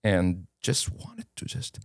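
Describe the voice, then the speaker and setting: A man's voice: low voice, slow, no room sound, studio quality. A man from Kuwait, a podcast guest telling his own story casually and acting out the dialogue as he goes. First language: Arabic. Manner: animated, casual storyteller who acts out dialogue. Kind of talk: personal storytelling in an interview.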